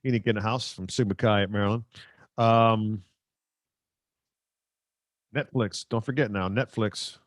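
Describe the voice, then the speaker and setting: A man's voice: on the low side, steady tone, a little slow, pauses often, no room sound, clean studio sound. A middle-aged man hosting a live stream, chatting casually, reading viewer comments, and rambling with jokes at his own expense. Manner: rambling, joking, self-mocking. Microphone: close microphone.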